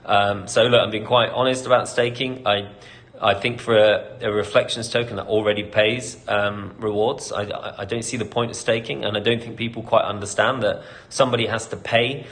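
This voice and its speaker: A man's voice: on the low side, fairly even intonation, moderate pace, fairly bright tone. A British man, a company CEO, hosting a casual live Q&A, reading out questions and answering candidly with lots of ums and light laughter.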